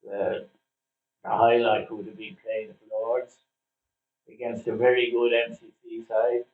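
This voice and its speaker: An older man from Ireland, a former cricketer, reminiscing in a casual interview, telling his stories with plenty of "uh" pauses. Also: medium pitch, monotone. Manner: chatty storyteller with frequent "uh" pauses. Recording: distant, phone-like, roomy sound.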